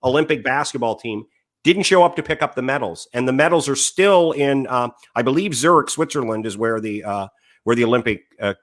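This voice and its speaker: A man's voice: mid-range voice, fairly quick, a bit bright. Rambling male sports podcast co-host. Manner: rambling storyteller, many "uh" fillers. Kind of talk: casual sports chat.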